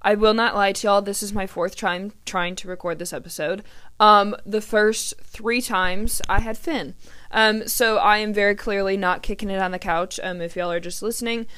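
A woman's voice: medium pitch, fairly even intonation, moderate pace, fairly bright tone, clean tone, dry recording. A woman, hosting a casual podcast and chatting freely with many ums and a little swearing. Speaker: podcast host. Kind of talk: casual chat. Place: grandparents' house.

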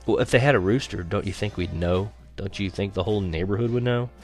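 A man voicing a moody, snappish teenage older sister with a sharp, scornful delivery. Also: fairly low pitch, fast talker, soft background music, close to an everyday voice.

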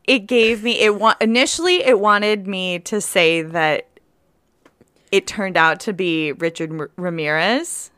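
A woman co-hosting a podcast in casual chat, playful and quick to laugh. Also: mid-range voice, fairly bright tone, clean tone, no room sound, clean studio sound. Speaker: podcast co-host.

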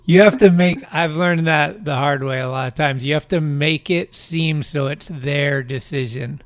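A man hosting a casual interview, relaxed and low-key, with short replies. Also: normal speed, no echo. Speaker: podcast host.

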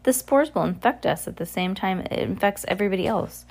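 A woman's voice: mid-range voice, expressive, brisk, a little mellow. A bookish teenage boy in a storybook reading, earnest and a little anxious, as a woman reader puts him on. His questions come out pointed and demanding.

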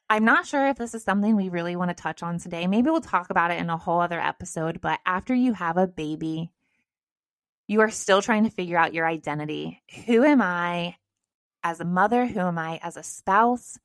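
A woman's voice: fairly low pitch, fairly quick, no room sound, clean studio sound. A woman in her thirties co-hosting a podcast, talking to listeners in a casual, encouraging and direct way. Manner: encouraging, direct, addresses listeners as "girl" and "you guys". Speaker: podcast co-host. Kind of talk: casual motivational chat.

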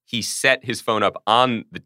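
A man's voice: mid-range voice, normal speed, dry recording, clean studio sound. A man co-hosting a podcast, telling wry stories in a casual chat. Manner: wry, animated storytelling. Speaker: podcast co-host.

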